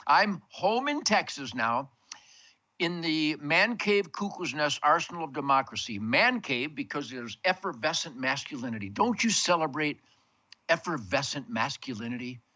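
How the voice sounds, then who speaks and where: A man's voice: a little high, expressive, moderate pace, sharp tone, lo-fi sound. An older man hosting a rambling, emphatic monologue from his home man cave, full of big words and wordplay. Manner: bombastic, emphatic, wordplay-heavy. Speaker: host.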